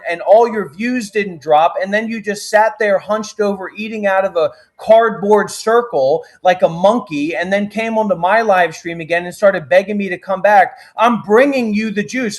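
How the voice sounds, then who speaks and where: A man with a high voice rants on a livestream. He pleads, rambles and swears, piling clause on clause. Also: normal speed, few pauses. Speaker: livestream guest prompting an AI. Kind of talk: heated livestream talk.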